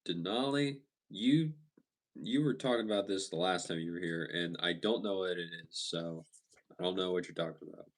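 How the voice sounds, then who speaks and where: A young man hosting a livestream, casually chatting with viewers and answering their comments in a relaxed way, often stumbling and restarting his sentences. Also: sits low, moderate pace. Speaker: livestream host. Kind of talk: casual live chat reading viewer comments.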